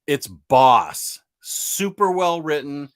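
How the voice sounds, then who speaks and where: Male comic book host, slightly high voice, eager and rambling, casual live chat. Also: sing-song, takes it slowly, a bit bright, smooth. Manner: enthusiastic, rambling, reading out viewer comments.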